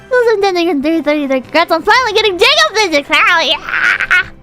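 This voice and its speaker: A young woman streams in a high, bright voice, joking and excitable without rushing. Faint music plays behind her as she chats. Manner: excitable, jokey, shouts and laughs. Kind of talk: casual livestream chat.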